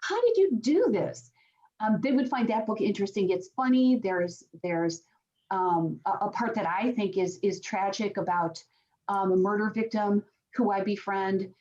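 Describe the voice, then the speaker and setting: A woman's voice: medium pitch, moderate pace, darkish tone. A woman guest on a podcast, a psychic medium, explaining her work earnestly with frequent restarts. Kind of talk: podcast interview answers. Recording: dull lo-fi sound.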